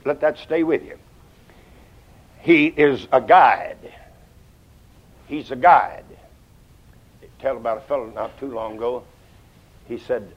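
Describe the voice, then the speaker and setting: An older man preaching a sermon, folksy and storytelling, swinging between loud outbursts and hushed asides. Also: fairly low pitch, creaky, breathy edge. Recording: dull lo-fi sound.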